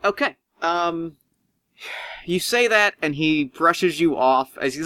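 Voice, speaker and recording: A man narrating a tabletop game as game master, animated and swinging in pitch as he describes scenes. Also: takes it slowly, dry recording.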